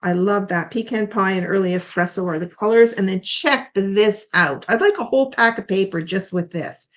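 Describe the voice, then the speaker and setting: A woman's voice: mid-range voice, normal speed. A middle-aged woman from Canada hosting a casual craft demonstration, chatty and tired, thinking aloud with unsure asides. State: tired, yawning. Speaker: craft tutorial host. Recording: slightly dull lo-fi sound.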